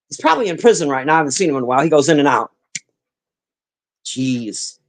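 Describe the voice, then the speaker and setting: A woman's voice: sits low, animated, fairly quick. Blunt, profane woman ranting on stream. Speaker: livestreamer reading chat. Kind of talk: casual livestream rant.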